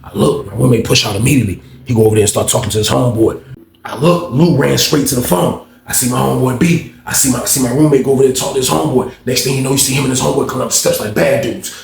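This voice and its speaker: A man with a gravelly voice tells a story casually, slangy and animated. His voice sits in a mid range and carries a roomy echo. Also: medium pitch, very fast, a crowd in the background.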